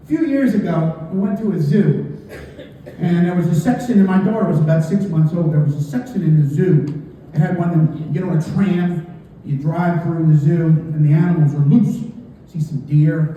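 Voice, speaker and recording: High-voiced comic in an echoey stadium. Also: male voice, muffled recording. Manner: animated storytelling, screams and acts out characters. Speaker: stand-up comedian. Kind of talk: stand-up comedy set. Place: outdoor stadium comedy night. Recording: echoey stadium from a far mic.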